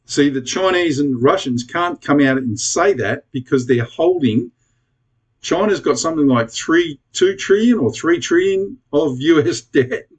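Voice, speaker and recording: A man's voice: on the high side, animated, measured pace, husky. An Australian man ranting bluntly to camera in a casual vlog, swearing freely and pleading with his viewers. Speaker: prepper vlogger.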